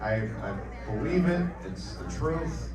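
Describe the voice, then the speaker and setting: A man's voice: fairly low pitch, lively intonation, takes it slowly, far from the mic, a crowd in the background. A man in his early forties doing a stand-up comedy set on a club stage, with a loose, rambling delivery full of restarts. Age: early 40s. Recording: roomy live club recording from off-mic. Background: audience laughter.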